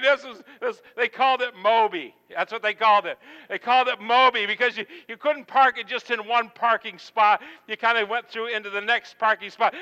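A man's voice: extremely high pitch, pushed and bright, clean tone, big-room sound, dull audio. A middle-aged man telling a rambling, folksy story in a sermon, acting out quotes. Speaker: pastor.

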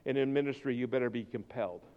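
A man preaching a sermon as pastor, swinging from quiet, intense passages to shouted exhortation. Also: mid-range voice, quick pace, dull audio. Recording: long hall reverb.

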